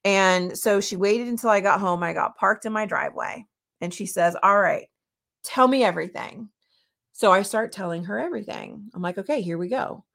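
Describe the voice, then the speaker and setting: A middle-aged woman hosts her own podcast, telling a long personal story in an easy, chatty way. Her voice sits in a middle register with a noticeable gravelly fry at the ends of phrases. She plays out each quoted exchange with lively shifts in energy. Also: medium pitch, brisk. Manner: animated, acts out quoted dialogue. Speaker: podcast host. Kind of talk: casual storytelling monologue.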